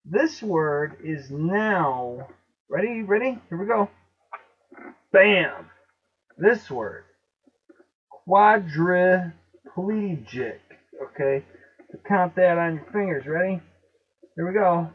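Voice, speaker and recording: A man with a Chicago accent talks casually to his viewers. He is emphatic, repeats words and spells out letters slowly. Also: sits high, breathy edge. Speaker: video host. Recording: dull lo-fi recording.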